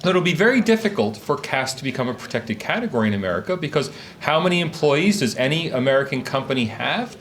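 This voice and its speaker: This academic man talks quickly, barely pausing, in a mid-range voice. He's presenting a conference talk from notes to a live audience in a conference room, with a lively, inquiring lecture delivery.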